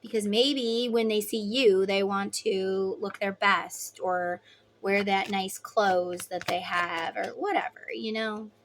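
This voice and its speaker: A woman giving a casual tarot reading, blunt and swearing freely, acting out quoted voices loudly. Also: mid-range voice, steady tone, slow, a little hiss or hum. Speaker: tarot reader.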